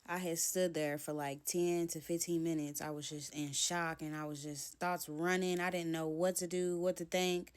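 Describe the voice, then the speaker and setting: A woman's voice: on the low side, normal speed, hardly any pauses, smooth. Woman telling a dramatic storytime. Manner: animated, dramatic retelling in casual slang. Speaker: storytime vlogger. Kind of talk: casual storytime narration.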